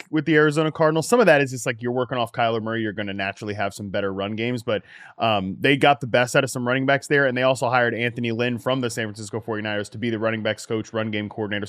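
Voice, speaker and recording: A man co-hosting a sports podcast, his voice sitting at an ordinary middle pitch. He talks casually and with energy, steering the conversation along. The sound is dry and close, with no room echo. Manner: energetic, runs the segments and pitches the questions. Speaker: fantasy football podcast co-host. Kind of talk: casual sports analysis chat.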